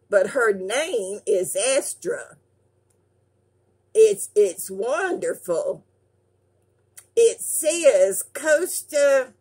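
A woman's voice: mid-range voice, a little mellow, slightly rough. An older woman, hosting her craft channel and reading fan mail aloud in a folksy, affectionate way.

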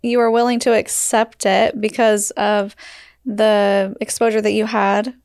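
A woman hosts a podcast conversation, reassuring her guest and turning to speak to the viewers. Her voice has a gravelly fry, and it sounds dry and close, with no room echo. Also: mid-range voice, little pitch movement, measured pace, darkish tone. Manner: reassuring, reflective, addresses viewers. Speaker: podcast host.

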